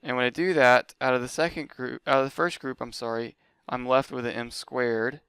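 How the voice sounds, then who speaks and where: A man's voice: mid-range voice, steady tone, normal speed, a bit bright, clean tone, dry recording. A man teaching a math lesson, talking methodically through each step aloud. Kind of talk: lecture.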